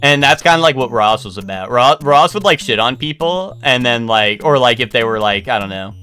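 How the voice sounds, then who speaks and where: A man's voice: mid-range voice, animated, a little fast, sharp tone, clear, resonant tone, faint music behind. A man streaming live, chatting casually and telling a rambling story full of fillers and restarts. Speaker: livestreamer. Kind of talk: casual livestream chat.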